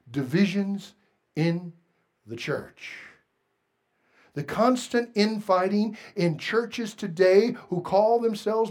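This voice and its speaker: A man preaching a sermon as pastor, earnest and plain-spoken, moving between hushed confession and loud exhortation. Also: high-pitched.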